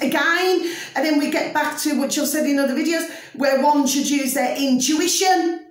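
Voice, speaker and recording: A British woman vlogger with a high-pitched voice rants through an opinionated monologue at a moderate pace, emphatic and constantly asking viewers if they see what she means. She's far from the mic and the sound is very echoey.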